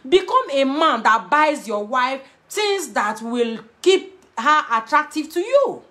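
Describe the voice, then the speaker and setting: A woman's voice: sits high, big pitch swings, slow, bright, forceful tone. A young Nigerian woman with a Nigerian accent, giving emphatic, preachy relationship advice to viewers and repeating her key points. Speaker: relationship adviser.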